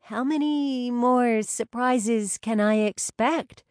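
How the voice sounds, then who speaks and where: A woman's voice: a little high, slow pace, a little mellow, dry recording, voice pushed up. A woman reading an audiobook and voicing a young bride-to-be with a dry, slightly exasperated manner. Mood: wry.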